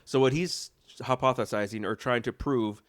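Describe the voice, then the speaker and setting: A man's voice: mid-range voice, moderate pace. Joking young man hosting a podcast. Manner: rambling, joking, self-correcting. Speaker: podcast host. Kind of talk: casual chat. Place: home.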